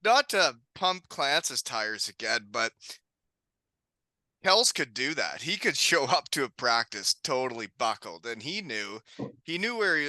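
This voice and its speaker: A man's voice: mid-range voice, pushed and bright, dry recording. A man in casual podcast chat, telling hockey stories and laughing through them. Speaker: podcast guest.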